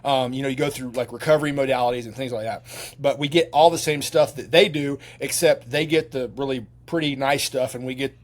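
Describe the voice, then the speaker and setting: A man's voice: mid-range voice, steady tone, fairly quick. A middle-aged man, a retired soldier, telling long rambling stories as a podcast guest, with many restarts and fillers. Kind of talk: casual storytelling.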